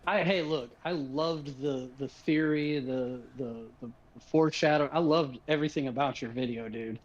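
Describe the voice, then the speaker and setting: A man's voice: mid-range voice, moderate pace, muffled recording. A man guesting on a casual gaming chat, laughing often and restarting his sentences.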